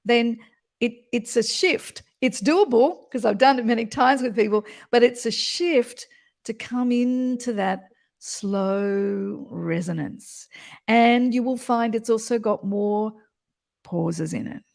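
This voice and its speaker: A woman's voice: on the high side, slow, gravelly, darkish tone. A woman voice coach explaining voice qualities in an interview, talking expressively and demonstrating as she goes.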